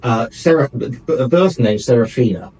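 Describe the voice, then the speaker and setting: A man's voice: medium pitch, expressive, moderate pace, a little mellow, husky, rough recording. A man presenting a light-hearted radio chat, telling stories in a wry, joking way.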